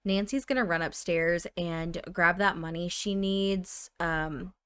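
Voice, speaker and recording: Slow-talking woman narrating a sims game. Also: fairly low pitch, fairly bright tone, clean tone, no echo, studio quality. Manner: chatty, dramatic exclamations. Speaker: gaming channel host. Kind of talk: let's play narration.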